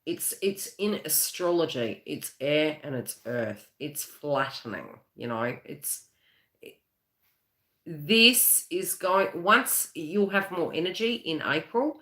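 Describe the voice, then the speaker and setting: A woman's voice: low voice, expressive, slow pace, pushed and bright. A woman from Australia hosting a live psychic reading, chatty and rambling, laughing often as she talks. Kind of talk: live-stream tarot and astrology reading. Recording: echoey room.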